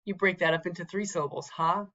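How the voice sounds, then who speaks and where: A man's voice: on the high side, normal speed, fairly bright tone, lo-fi sound. A man teaching a recorded lecture from slides, carefully sounding out words syllable by syllable and repeating them. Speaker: Hebrew teacher.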